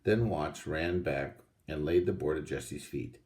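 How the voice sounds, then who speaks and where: A man reading a children's storybook aloud in a steady, unhurried way. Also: extremely low pitch. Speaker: audiobook reader.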